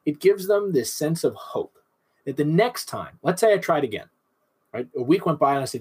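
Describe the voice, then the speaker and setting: Husky man explaining dog training. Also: fairly high pitch, big pitch swings, moderate pace. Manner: conversational, explaining with rhetorical questions. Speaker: dog trainer and podcast host. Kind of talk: casual instructional talk.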